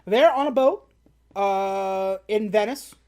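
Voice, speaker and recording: This is a woman on a podcast, talking through a film's plot in relaxed, conversational chat. She tells it with energy and slips into brief put-on voices to quote the characters. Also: medium pitch. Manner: animated retelling, acting out characters in quick voices. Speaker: podcast co-host recapping a film. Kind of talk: casual chat.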